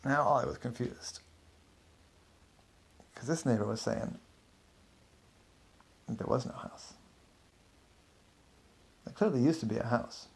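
Rough husky guy making up a mystery story as he goes, kinda halting. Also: mid-range voice. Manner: loose, hesitant, self-correcting. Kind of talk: improvised story narration.

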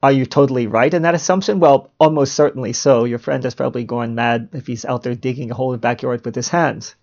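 A middle-aged podcast host delivers a reflective solo monologue, musing aloud and answering his own rhetorical questions. His mid-range voice is a little mellow, with fairly even intonation and a quick pace. The recording is muffled and lo-fi.

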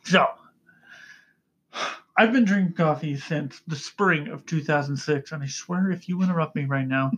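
A woman co-hosting a casual podcast, talking loudly and getting excited, with numb lips from cold sores. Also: low voice, husky. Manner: loud, yells into the mic when excited. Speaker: podcast co-host.

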